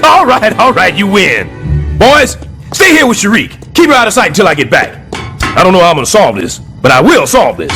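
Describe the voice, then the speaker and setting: An actor voicing a blustering middle-aged building super in an animated sitcom, boastful and sarcastic. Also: male voice, sits high, moderate pace, faint music behind, exaggerated voice.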